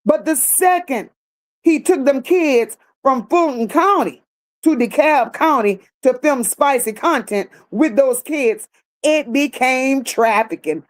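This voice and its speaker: Speaking slowly in a high, expressive voice, this livestream host reads comments from her viewers out loud. She answers them bluntly and keeps circling back to the same sassy phrases.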